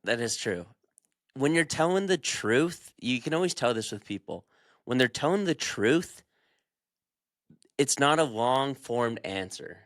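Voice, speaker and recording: A man's voice: mid-range voice, animated, a little slow, a bit bright. A man co-hosting a podcast in casual chat, blunt and swearing as he gets fired up. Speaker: podcast co-host.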